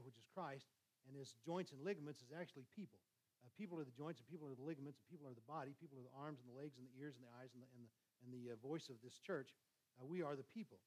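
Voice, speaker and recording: A male preacher delivers a sermon at a rapid clip, his voice sitting a little higher than most men's. He talks in a casual, conversational way, stumbling over restarts and often checking in with the congregation. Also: darkish tone, low-quality recording. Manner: conversational, repeats "all right?"; fast-talking, frequent restarts.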